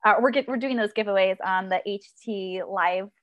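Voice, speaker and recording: A woman's voice: mid-range voice, normal speed, no echo, highs cut off. A woman speaking in a casual podcast interview, bubbly and rambling. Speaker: web series creator.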